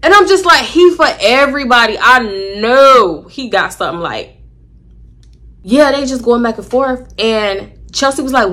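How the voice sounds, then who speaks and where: A young woman casually telling a storytime to her viewers, animated and acting out what people said. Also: medium pitch, brisk. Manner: animated, acts out quoted voices, addresses viewers as y'all.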